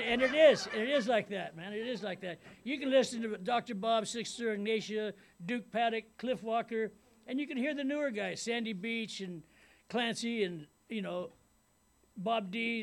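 A middle-aged man speaking at a recovery meeting, talking in a rambling, casual way and often tagging on "man" and "you know what I mean.". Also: high-pitched. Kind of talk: personal recovery talk to a meeting. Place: meeting room before a live audience.

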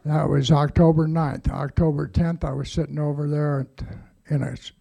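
A man's voice: a little high, flat delivery, normal speed, gravelly, warm tone. An older man telling his own recovery story to a group in a plain-spoken, wry and blunt way, with some swearing.

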